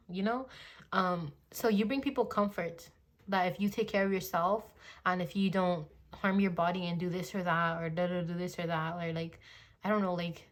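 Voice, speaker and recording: This casual phone tarot reading comes from a woman in her twenties who rambles, uses fillers like "like" and "you know," and sometimes slips into gushing quoted voices. She speaks a little fast, in a fairly low pitch with a steady tone.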